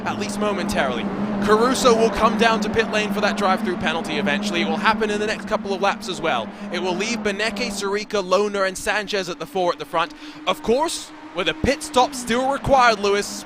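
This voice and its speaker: A man calls an esports endurance race in a fairly high voice, explaining strategy briskly and dropping jokey asides. Constant background noise runs under his commentary.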